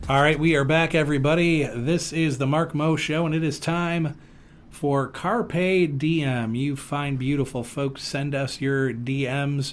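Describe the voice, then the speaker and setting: A man hosting a casual podcast, with a pitch that sits in the middle. He talks in an animated, joking way and slips into silly voices now and then. A faint hiss of noise sits behind him. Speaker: podcast host. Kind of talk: casual chat.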